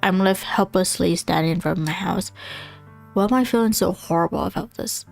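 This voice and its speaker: A woman's voice: fairly low pitch, brisk, gravelly, a little mellow, soft background music. A woman livestreamer reading a visual novel aloud in a casual way, swearing freely and reacting with emotion.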